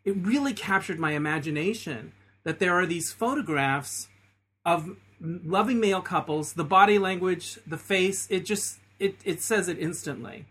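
A man's voice: high-pitched, normal speed, fairly bright tone, slightly rough. Chatty enthusiastic podcast host, man. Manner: chatty, enthusiastic, with frequent ums. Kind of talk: podcast interview.

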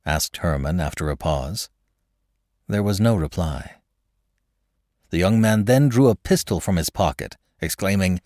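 A man's voice: sits low, expressive, unhurried, pauses often, darkish tone, no room sound, clean studio sound. A man narrating a classic story in a scripted, dramatic reading. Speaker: podcast narrator.

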